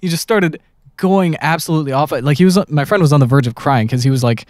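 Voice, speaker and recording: A man hosting a casual podcast, telling anecdotes in a lively, animated way. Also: medium pitch, racing, no echo, studio quality. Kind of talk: casual podcast chat, storytelling.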